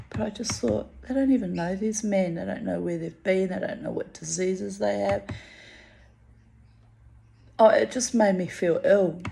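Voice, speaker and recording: A woman's voice: fairly low pitch, vocal fry, mellow. Theatrical, profane woman telling her story. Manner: theatrical and profane, with drawn-out emphasis. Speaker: personal storyteller. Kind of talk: candid spoken monologue.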